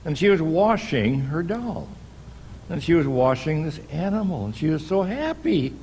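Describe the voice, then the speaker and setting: An older American man preaching a sermon in a church, telling a story at an unhurried pace with pauses and restarts. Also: on the high side, big pitch swings, darkish tone, a little hiss or hum. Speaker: pastor.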